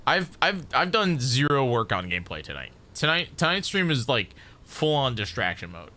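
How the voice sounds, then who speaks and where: A man's voice: medium pitch, very animated, normal speed, pushed and bright. A man chatting casually on a live game stream, rambling and restarting his sentences over and over. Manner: rambling, stacks repeated restarts.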